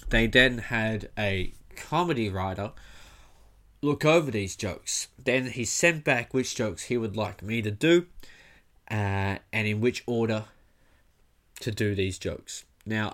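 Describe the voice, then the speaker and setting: A young comedian with a fairly low voice tells his story in a relaxed, rambling way. He swears freely and fills his pauses with "uh" and "um". He has the easy pace of a casual monologue. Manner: rambling, swears often, frequent fillers.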